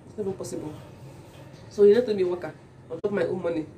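A woman's voice: mid-range voice, racing, mellow, distant mic, a little hiss or hum. Chatty Nigerian woman with morning voice. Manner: chatty, repeats words and restarts a lot. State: morning voice, just woke up. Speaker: vlogger. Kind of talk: casual chat to camera.

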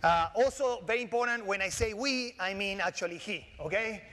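A man with a Latin American Spanish accent delivers a keynote in a large conference hall, and the long reverb of the room trails after his words. His voice sits high for a man. He jokes with the audience and restarts his sentences often. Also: a little fast. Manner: animated, joking, with frequent restarts and fillers. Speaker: keynote speaker.

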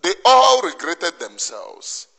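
A man's voice: sits high, wildly swooping pitch, slow, creaky, pushed and bright, breathy edge. A man with a Nigerian Igbo accent in an impassioned monologue, scolding emphatically and repeating himself. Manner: emphatic, repetitive, preachy scolding. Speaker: activist commentator. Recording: long reverb.

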